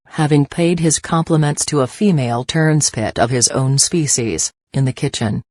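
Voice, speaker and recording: A man reading a classic novel aloud as audiobook narration, in a measured, deliberate way. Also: a little high, darkish tone, no room sound, clean studio sound. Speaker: audiobook reader.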